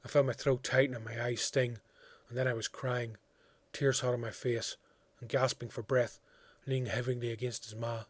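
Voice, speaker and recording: A man narrating a literary story in a measured, quiet, reflective way. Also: medium pitch, flat delivery, breathy edge, no echo. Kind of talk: audiobook reading of a literary story.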